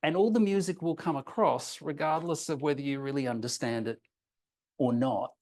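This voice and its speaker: A man's voice: a little high, normal speed, darkish tone. A man presenting an academic paper with slides, explaining patiently and checking in with listeners, with frequent ums and restarts. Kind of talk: conference talk with slides.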